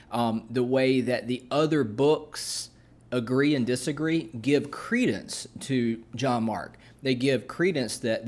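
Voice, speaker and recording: A man at a fairly ordinary pitch, co-hosting a relaxed Bible-teaching podcast. He backs up his partner with quick agreement and folksy, everyday examples. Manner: affirming, folksy, uses everyday comparisons. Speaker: podcast co-host. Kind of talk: casual Bible-teaching chat.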